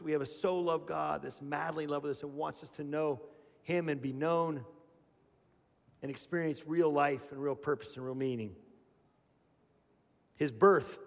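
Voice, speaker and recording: Male pastor, middle-aged, sermon, high-pitched, animated storyteller, long reverb in a large church. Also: gravelly. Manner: animated storyteller, acts out voices.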